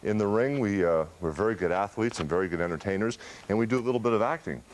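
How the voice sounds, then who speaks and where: A man with a deep, gravelly voice, a laid-back and jokey celebrity guest in a TV studio. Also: quick pace, a little hiss or hum. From USA.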